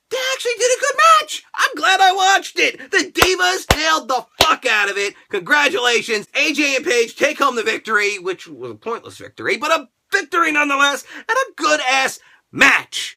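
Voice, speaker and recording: A man hosting a casual, profane wrestling review, ranting excitably and often shouting. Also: very high-pitched, normal speed, creaky. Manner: excitable, crude, shouting rants. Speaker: host.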